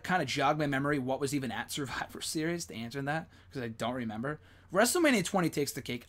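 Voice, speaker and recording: Young male host, casual live-stream chatter, rambling with lots of fillers, swears when excited. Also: a little high.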